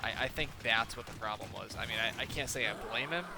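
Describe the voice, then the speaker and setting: A man's voice: mid-range voice, fast, gravelly. A young man in his twenties telling a rambling, profane story in casual chat while gaming, full of fillers. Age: 20s. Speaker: gaming streamer. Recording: noisy background.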